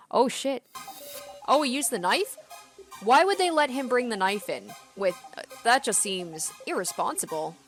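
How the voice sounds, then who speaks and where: A woman's voice: on the high side, expressive, measured pace, soft background music. A young woman casually commenting on a story game as she plays, reacting and swearing freely. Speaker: let's play host.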